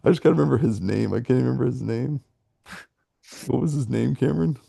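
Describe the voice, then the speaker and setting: A man's voice: medium pitch, quick pace, gravelly, mellow, breathy edge, no room sound, studio quality. A man co-hosting a movie podcast, chatting casually and rambling, laughing often between his thoughts. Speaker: podcast co-host. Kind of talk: casual movie review chat.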